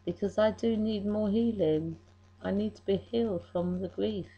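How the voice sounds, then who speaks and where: A middle-aged woman talking in a personal faith video diary, emotional and halting, often restarting her sentences. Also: mid-range voice, husky, dull audio. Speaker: vlogger.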